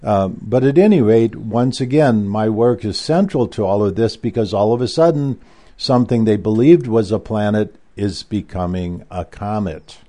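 A man speaking as a guest author, with a lowish, mellow voice. He tells his story at length, doubling back on words and slipping in asides as he goes. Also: normal speed. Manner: rambling, with frequent restarts and asides. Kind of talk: conversational recounting.

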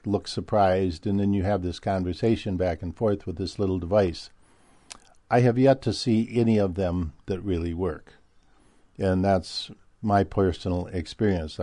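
A man's voice: deep voice, warm tone, no room sound. A man from Minnesota with a Midwestern American accent, talking in a rambling casual monologue with many fillers and restarts.

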